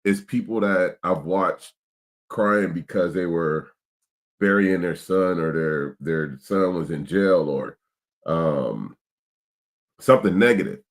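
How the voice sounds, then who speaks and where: A man's voice: low voice, slow. A middle-aged man, chatting casually and emotionally in a laid-back, slang-heavy way. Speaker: vlog host, father. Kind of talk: casual vlog chat.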